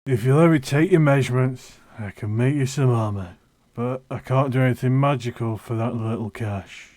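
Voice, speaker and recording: A man's voice: mid-range voice, moderate pace, a little mellow, no echo, studio quality, close to an everyday voice. A man voicing a grumpy giant male smith who talks bluntly. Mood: gruff.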